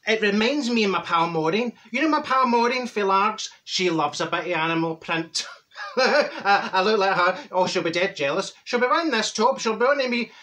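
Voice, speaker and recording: A man's voice: sits high, expressive, normal speed, pushed and bright. A man voicing a chatty older Glasgow woman with a Glaswegian Scottish accent, telling cheeky gossip and stories to camera with frequent laughs. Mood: gossipy. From Glasgow, Scotland. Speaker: comedy character host. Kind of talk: comic monologue to camera.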